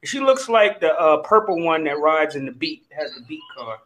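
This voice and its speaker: Podcast host, male, high bright voice, jokey banter, echoey room. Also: lively intonation, normal speed. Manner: joking, teasing, laughs a lot. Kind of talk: casual chat.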